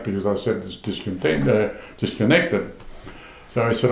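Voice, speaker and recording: A man's voice: on the low side, normal speed, vocal fry, darkish tone, a little hiss or hum. An older Australian man, a farmer, telling an aggrieved story in casual talk and acting out both sides of the conversations he describes. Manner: aggrieved, retells dialogue in long runs. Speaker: farmer interviewee. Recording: roomy echo.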